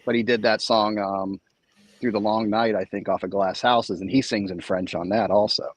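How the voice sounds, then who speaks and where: A man with a fairly low voice chats casually on a podcast. He asks curious questions and wonders aloud as he talks. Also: fairly even intonation, moderate pace. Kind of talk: casual chat.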